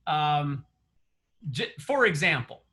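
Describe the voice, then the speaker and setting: A man's voice: a little high, big pitch swings, takes it slowly, creaky, bright, forceful tone. A man coaching real estate agents in an online session, chatty, laughing often and quizzing the audience.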